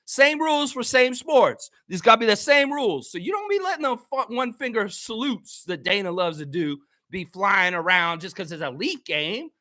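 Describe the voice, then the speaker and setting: A man ranting on a live fan stream with a high, bright, sharp voice. His pitch swings wildly as he curses and mocks, then reads viewers' comments aloud. The sound is close and dry. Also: moderate pace, hardly any pauses, dry recording. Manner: profane, mocking and animated, reads chat comments aloud. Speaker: host of a fan livestream. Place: friend's home.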